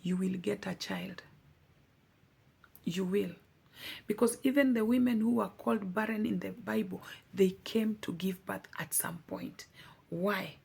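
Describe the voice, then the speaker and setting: A woman's voice: medium pitch, a little slow, vocal fry, mellow, slightly rough. A young adult woman vlogger giving a heartfelt personal testimony, earnest and pleading, repeating words for emphasis.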